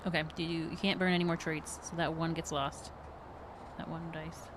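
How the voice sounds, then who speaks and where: A woman's voice: low-pitched, level tone, moderate pace, slight background noise. A woman running a tabletop game as game master, patiently explaining the rules and laughing often.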